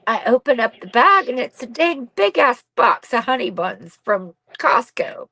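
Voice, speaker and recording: A woman's voice: fairly high pitch, expressive, normal speed, few pauses, sharp tone, no echo, rough recording. Middle-aged woman, guest storyteller, blunt and salty-mouthed, dry close recording. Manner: blunt and raw, swears freely. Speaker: podcast guest, bereaved mother. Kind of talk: candid personal storytelling.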